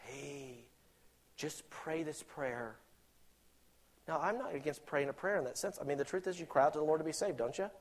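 A man delivering a fervent sermon in a fairly high voice. He climbs to loud, emphatic peaks, then drops to quiet, earnest asides. Now and then he slips into the voices of imagined doubters. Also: very fast, few pauses. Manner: acts out imagined objectors in quoted voices. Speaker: preacher.

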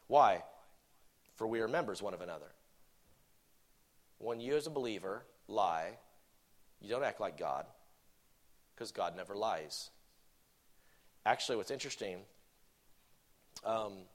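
A man with a somewhat high voice preaches a sermon, reading scripture verses aloud and then unpacking them. His delivery keeps swinging between loud, emphatic points and soft, low asides. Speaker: pastor.

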